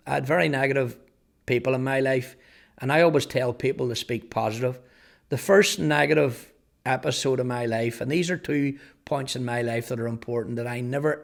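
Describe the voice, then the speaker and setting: A man in his fifties with a Northern Irish accent, earnestly telling his life testimony, halting at times over repeated words. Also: mid-range voice, gravelly. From Northern Ireland. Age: 50s. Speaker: testimony speaker. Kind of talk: personal testimony storytelling.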